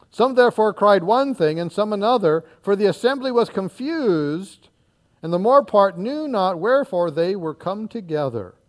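A man preaching an expository sermon, reading scripture aloud and explaining it verse by verse, acting out the crowd and dropping into quiet asides. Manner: animated, acts out the crowd, dropping to low asides.

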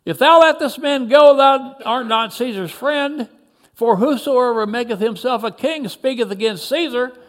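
A man voicing members of an angry crowd who shout loud demands. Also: very high voice, a little slow, voice pushed up. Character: angry shouting mob of men.

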